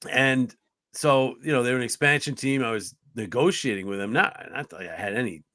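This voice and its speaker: A hockey play-by-play man in his fifties, from upstate New York, spins career stories on a podcast in a mid-range voice. He is earnest and chatty, trips over restarts, and pops his pitch up to play the other people in the tale. The sound is dry and close, with no room around it. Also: a little fast, no room sound. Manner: lively storyteller who acts out other people's lines with his voice jumping up. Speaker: hockey play-by-play broadcaster, guest. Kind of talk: conversational storytelling in a podcast interview.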